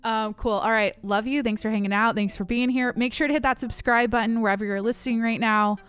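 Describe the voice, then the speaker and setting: A woman's voice: a little high, fairly even intonation, brisk, a bit bright, clear, resonant tone. Candid young woman hosting a podcast. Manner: candid, rambling, swears freely. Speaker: podcast host. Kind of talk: casual solo podcast chat. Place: home studio. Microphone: studio mic, on camera.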